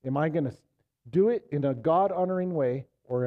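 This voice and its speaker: Casual, high-voiced male pastor preaching. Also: a little fast, narrow, tinny audio. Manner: casual, conversational preaching with slang like "dude"; swings from loud emphatic to low and quiet. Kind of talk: sermon.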